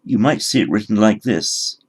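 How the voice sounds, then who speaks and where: A man teaching a recorded grammar lesson, explaining word forms patiently and spelling them out slowly. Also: on the low side, lively intonation, breathy edge. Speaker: language teacher.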